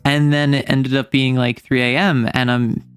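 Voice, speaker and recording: A woman's voice: rumbling low, little pitch movement, moderate pace, clear, resonant tone, no room sound, faint music behind. A young adult woman streaming a game, chatting casually and joking with mock indignation.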